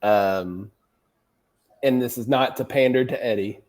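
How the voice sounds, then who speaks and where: A man's voice: mid-range voice, unhurried, a little mellow. A man on a sports show panel, confidently making football predictions and teasing his co-hosts. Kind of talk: casual sports chat.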